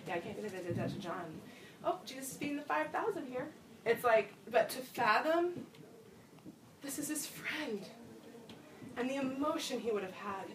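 A woman delivers a sermon slowly and thoughtfully, sharing her own reflections. Her voice comes from a distance in a roomy space with noticeable echo. A faint ambient hum sits behind her. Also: fairly high pitch. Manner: reflective, personal, with soft laughs. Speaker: preacher.

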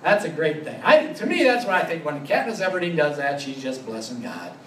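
A pastor talking through a Bible passage in a chatty way, laughing often and reading verses slowly. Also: male voice, fairly high pitch, big pitch swings, fairly bright tone, slight background noise. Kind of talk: Bible study teaching. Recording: roomy and distant with faint ambience.

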